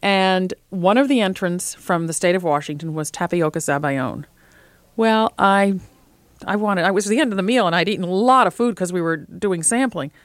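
A woman food writer as an interview guest, telling lively, opinionated stories in casual conversation. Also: lowish voice, normal speed, dry recording.

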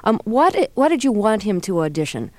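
A woman's voice: medium pitch, very animated, normal speed, dry recording. A woman hosting a radio interview, asking attentive, curious questions.

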